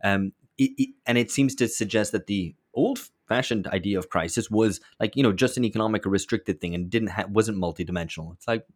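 Deep-voiced man thinking aloud. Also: a little fast, hardly any pauses. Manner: thinking aloud, repeats words, frank. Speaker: podcast co-host. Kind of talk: casual discussion.

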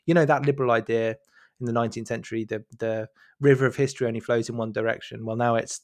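A man's voice: mid-range voice, steady tone, fast talker, darkish tone, no room sound. A man in a casual podcast discussion, thinking aloud and hunting for the right words. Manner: searching for words, many restarts.

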